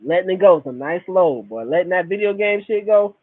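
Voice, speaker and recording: A man in his thirties delivers a loose, swearing monologue, repeating his points for emphasis. His voice sits high for a man and swings widely in pitch. The sound is thin and tinny, as if heard over a phone. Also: a little fast. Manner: animated, repetitive, profane storytelling. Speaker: podcast host. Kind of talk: casual monologue.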